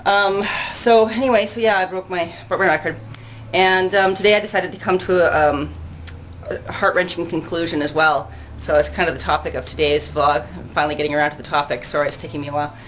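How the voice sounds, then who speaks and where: A woman's voice: fairly low pitch, steady tone, brisk, fairly bright tone, slight background noise, low-quality recording. An older woman chatting casually in a fitness vlog, rambling and laughing often, a bit out of breath after a workout, recorded on a handheld camera out on her balcony. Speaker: vlogger. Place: outdoor balcony.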